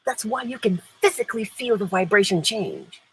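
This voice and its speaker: A woman's voice: medium pitch, lively intonation, moderate pace, fairly bright tone, breathy edge, low-quality recording. A woman hosting an inspirational morning livestream, playful and emphatic, laughing often and answering viewers in the chat. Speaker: livestream host.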